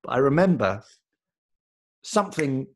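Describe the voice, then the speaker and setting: A British man co-hosting a podcast, chatting casually and telling an animated story with frequent laughter. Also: medium pitch, unhurried, breathy edge. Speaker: podcast co-host. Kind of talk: casual chat.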